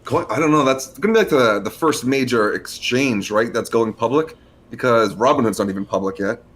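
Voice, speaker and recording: A man's voice: medium pitch, fairly quick, a bit bright, a little hiss or hum. A young man co-hosting a casual stock podcast, laid-back and slangy, laughing often. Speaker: co-host.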